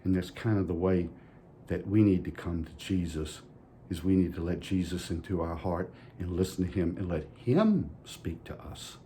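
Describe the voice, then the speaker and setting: There's a little hiss or hum behind this man's deep, warm voice as he leads a children's sermon at church. He talks folksily at a normal speed and poses playful questions to the kids.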